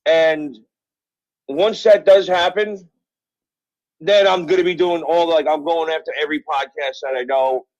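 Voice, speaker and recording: A man's voice: a little high, fairly even intonation, unhurried, a little mellow, no room sound. Rambling New man on a dull phone line. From Brooklyn, New York. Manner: rambling, profane storytelling with many fillers. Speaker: guest, author. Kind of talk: casual interview chat. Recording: dull phone-call audio.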